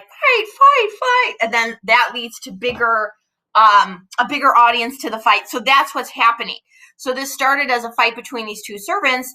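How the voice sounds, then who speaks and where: A woman's voice: on the high side, bright, forceful tone, rough recording. A woman teaching a play at home, reading lines aloud and then explaining them in a casual, chatty way.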